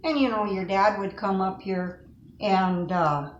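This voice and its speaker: A woman being interviewed, recalling relatives in a rambling, soft-spoken way with fillers. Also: medium pitch, unhurried, roomy sound, highs cut off, slight background noise. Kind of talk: casual reminiscing.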